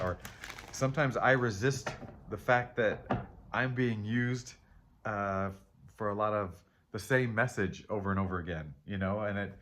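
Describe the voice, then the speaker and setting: A man hosting a casual tarot reading, rambling and reflective, often trailing off, questioning himself and laughing softly at himself. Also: on the low side, normal speed, background noise. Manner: candid and self-deprecating, with soft laughs. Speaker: tarot reader and channel host. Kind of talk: casual spiritual chat while reading tarot.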